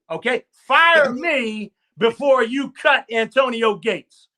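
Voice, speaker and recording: A football coach with a very high-pitched, animated, pushed and bright voice speaks slowly yet with hardly any pauses, spinning stories in a live stream interview. He leans on emphatic repetition and rallying phrases such as "okay?" and "I'm gonna tell you what."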